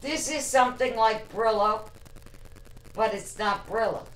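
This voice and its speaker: A woman chats slowly and hesitantly, filling pauses with ums as she responds to viewers. Her voice sits a bit high. She is some distance from the mic in an echoing kitchen, with a faint hum behind her. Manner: hesitant, many ums, reads and answers viewer comments. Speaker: vlogger. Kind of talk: casual livestream chat. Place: home kitchen.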